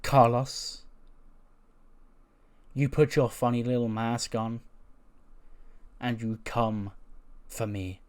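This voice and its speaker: A man voicing a male wrestler who issues a slow, threatening challenge. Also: medium pitch, steady tone, clean tone, lightly acted. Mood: menacing.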